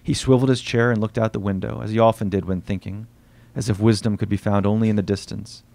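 Guy reading from his novel, slow and quiet, lowish voice with lots of fry. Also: fairly even intonation, no room sound. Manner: quiet, unhurried reading with soft-spoken dialogue. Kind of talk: literary reading at a bookstore.

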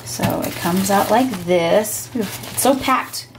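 A woman hosting her crafting channel, chatting casually as she opens packages and gushes with excitement. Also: medium pitch, slow, vocal fry, background noise. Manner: gushing, gasping with excitement. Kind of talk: casual unboxing vlog.

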